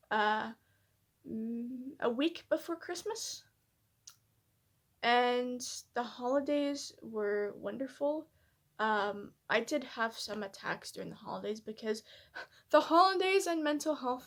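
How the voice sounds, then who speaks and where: Hesitant woman with a higher voice. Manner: hesitant and soft-spoken, many fillers and restarts; candid, self-reflective. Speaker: vlogger. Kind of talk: personal reflective vlog.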